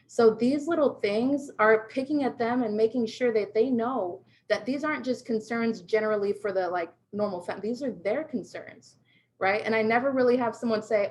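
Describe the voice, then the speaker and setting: Woman, fairly high voice, emphatic sales coach, keeps saying "right?", video call. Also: a little fast. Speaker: sales trainer.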